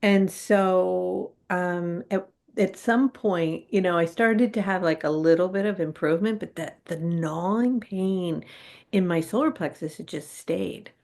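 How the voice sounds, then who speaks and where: Middle-aged woman, low-ish voice, talks animated, acts out what she said back then, spiritual guest. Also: unhurried. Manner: animated, acts out her own quoted reactions. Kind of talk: candid personal storytelling.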